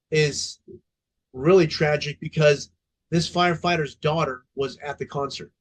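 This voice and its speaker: Blunt, cursing middle-aged man. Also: a little high. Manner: emphatic, profane, blunt. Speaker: fire department veteran guest. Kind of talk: casual podcast storytelling.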